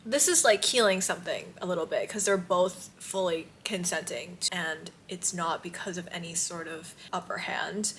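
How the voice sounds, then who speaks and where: A woman's voice: on the low side, moderate pace, few pauses, a bit bright, slight background noise. A woman book vlogger chatting casually and emotionally about a novel she is reading. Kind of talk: casual reading-vlog chat.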